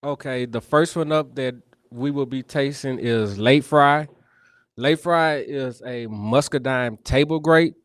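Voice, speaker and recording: A man researcher on a live panel broadcast, talking in a relaxed, casual way with some hesitations. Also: mid-range voice, measured pace, no room sound. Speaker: research enologist.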